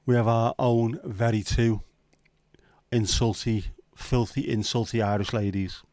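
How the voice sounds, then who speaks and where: A man's voice: mid-range voice, fairly even intonation, unhurried, darkish tone, no echo. A man hosting a casual livestream chat, joking and teasing his viewers in loose banter. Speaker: livestream host.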